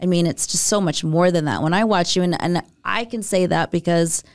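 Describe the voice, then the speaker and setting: A woman's voice: lowish voice, fairly quick. A woman chatting casually, eager and agreeable, talking about her day and praising her friend. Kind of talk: casual podcast chat.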